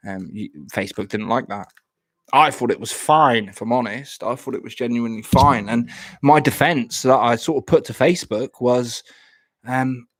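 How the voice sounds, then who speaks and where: A man's voice: medium pitch, moderate pace. A young man from Plymouth, chatting casually on a live stream at home, often stammering and repeating words. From Plymouth, England.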